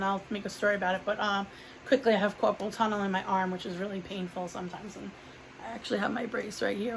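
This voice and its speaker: A woman's voice: mid-range voice, slight background noise, poor audio. A woman vlogger telling a long personal story in a casual, rambling way, filling her talk with "like" and acting out what others said. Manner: rambling, heavy use of "like", acts out quoted dialogue. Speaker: vlogger reviewing a product.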